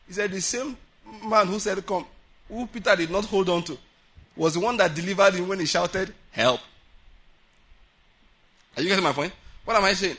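A man preaching a sermon, animated, acting out quotes and laughing often. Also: sits high, husky.

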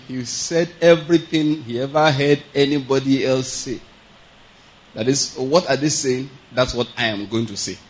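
A man's voice: medium pitch, poor audio. A man giving a conversational sermon, laughing often and asking his listeners whether they follow. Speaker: preacher.

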